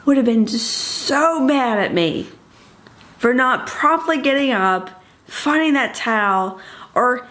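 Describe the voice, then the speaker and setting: A woman's voice: fairly high pitch, animated, slow pace, a bit bright. A woman co-hosting a casual podcast, telling a story in a chatty, rambling way full of fillers. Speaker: podcast co-host.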